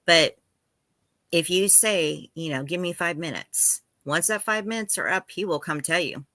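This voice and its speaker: A woman's voice: lowish voice, moderate pace, sharp tone, dry recording. A woman, a guest speaking openly and chattily as a parent in a casual conversation. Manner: chatty and open, talks as a parent. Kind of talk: casual chat.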